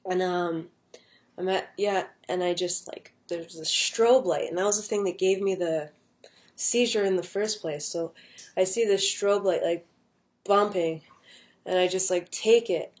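A woman's voice: lowish voice, measured pace. A young adult woman casually telling a personal story at home, rambling with many fillers and restarts. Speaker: vlogger.

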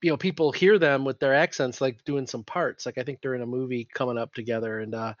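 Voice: medium pitch, steady tone, fast talker, no echo. A player chatting casually during an online tabletop game, rambling with many fillers and laughing often. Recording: dull lo-fi dry audio.

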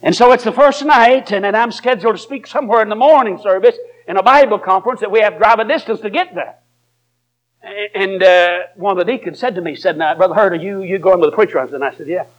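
A male preacher giving a sermon, telling folksy stories that swing from chuckling asides to emphatic shouts. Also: high-pitched, fast, lo-fi sound.

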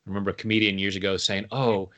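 A man chatting as an interview guest, playful and quick to laugh at his own jokes. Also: on the low side, expressive, fairly bright tone. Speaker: guest, tapping coach. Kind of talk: casual interview chat.

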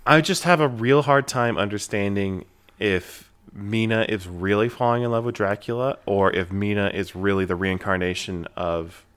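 A man's voice: fairly low pitch, moderate pace, fairly bright tone, clean tone. A man co-hosting a casual movie review chat, hesitant and searching for words as he explains his confusion.

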